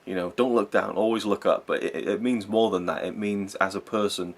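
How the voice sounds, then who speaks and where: Deep-voiced man reviewing a film. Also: fairly even intonation, quick pace, few pauses. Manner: rambling and enthusiastic, with frequent fillers and self-corrections. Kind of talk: casual spoken film review.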